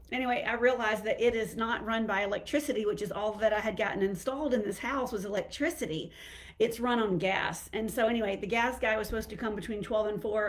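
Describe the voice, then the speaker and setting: Chatty Southern woman, a bit breathless. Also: a little high. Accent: Southern American. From Southern United States. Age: middle-aged. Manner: chatty, rambling, with many fillers and restarts. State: a little out of breath. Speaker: internal medicine physician hosting a live stream. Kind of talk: casual live-stream talk.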